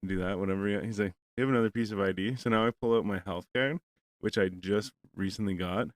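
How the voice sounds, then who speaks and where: A man with a low, smooth voice tells a long story in casual podcast chat. He rambles and swears often, filling his talk with "like" and "man". He acts out the other person's lines as well as his own. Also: quick pace, dry recording. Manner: rambling and profane, full of "like" and "man"; acts out both sides of a conversation. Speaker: podcast host.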